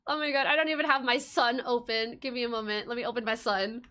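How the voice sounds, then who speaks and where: A young woman chats casually during a livestream, playful and giggly. Her voice is high and bright. She talks loosely, reacting to her viewers. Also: steady tone, quick pace, few pauses, clear, resonant tone. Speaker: streamer.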